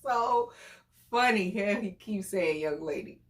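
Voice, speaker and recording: A woman's voice: mid-range voice, animated, slow. A woman in her forties telling a personal story in a chatty, conversational vlog. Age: 40s. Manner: chatty, conversational, full of fillers. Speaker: vlogger.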